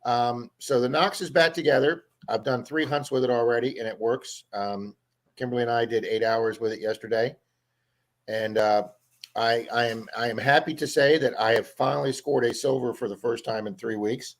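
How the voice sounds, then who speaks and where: A man's voice: mid-range voice, steady tone, moderate pace, rough recording. A man hosting a casual livestream chat, telling long stories and often repeating words as he goes. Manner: chatty storyteller, repeats words. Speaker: livestream host.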